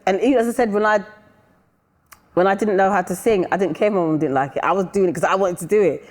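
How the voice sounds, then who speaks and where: Fast-talking British woman, chatty. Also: mid-range voice, big-room sound. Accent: British English. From England. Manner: chatty, often asks "do you know what I mean". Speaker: guest singer-songwriter. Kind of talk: casual interview chat.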